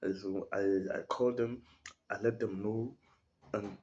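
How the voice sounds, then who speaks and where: A man's voice: on the low side, fairly even intonation, takes it slowly, a little mellow, lo-fi sound, a little hiss or hum. A young man with a South African accent, telling a story in a casual podcast chat, full of slang and acting out the people in it. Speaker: podcast guest.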